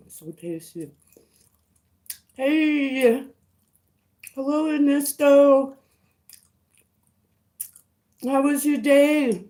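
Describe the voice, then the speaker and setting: A woman's voice: high-pitched, warm tone. A woman vlogger eating on a livestream and greeting her chat viewers by name between bites, murmuring over the food. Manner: slow, chewing, savoring food with murmurs. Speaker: mukbang vlogger.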